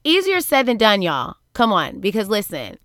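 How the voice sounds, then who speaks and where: A woman's voice: medium pitch, huge pitch swings, normal speed, fairly bright tone, no room sound, clean studio sound. A woman podcast host telling a personal story in a casual monologue, acting out the voices she quotes and laughing often. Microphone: studio microphone.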